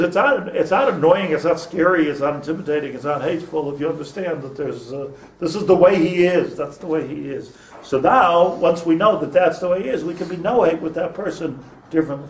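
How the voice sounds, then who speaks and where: An older man, a rabbi, giving an informal class in a conversational, digressive way, full of stories and Hebrew terms. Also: a little high. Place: classroom with small group. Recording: echoey room, distant mic, faint noise.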